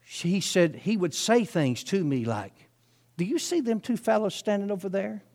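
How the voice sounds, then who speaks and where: A man's voice: high voice, animated, moderate pace, darkish tone. A male preacher, telling a story in his sermon in a folksy, chatty way with frequent asides.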